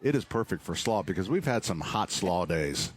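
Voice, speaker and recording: A man with a lowish voice chats loosely on live radio, trailing off and circling back as he jokes. He talks like a store owner plugging his garden center, teasing himself as he goes. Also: very animated, normal speed, breathy edge. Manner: joking, rambling, self-mocking. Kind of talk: casual radio chat.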